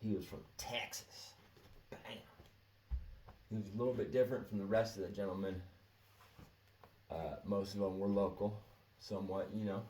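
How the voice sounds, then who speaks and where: A man's voice: lowish voice, fairly even intonation, moderate pace, pauses often, mellow, far from the mic, slight background noise. A man telling stories in a laid-back, slangy way and laughing often. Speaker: storyteller. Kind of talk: casual storytelling monologue. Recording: echoey room, off-mic, faint ambience.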